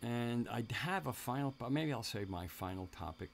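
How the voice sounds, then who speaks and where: A man's voice: medium pitch, animated, normal speed, vocal fry, a little hiss or hum. A man hosting a live stream, talking casually in a rambling way, with many restarts and asides to his viewers in the chat.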